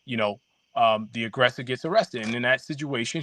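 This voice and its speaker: A man guest on a podcast, telling his story haltingly with many fillers and restarts. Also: medium pitch, fairly bright tone. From New York. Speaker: documentary filmmaker guest. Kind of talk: casual podcast interview.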